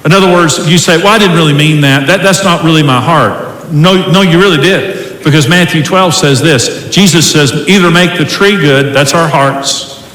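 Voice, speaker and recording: A man's voice: fairly high pitch, normal speed, fairly bright tone. A middle-aged man preaching a sermon with an emphatic, preacherly delivery, quoting scripture to a large church hall. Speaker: pastor. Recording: echoey hall recording with faint ambience.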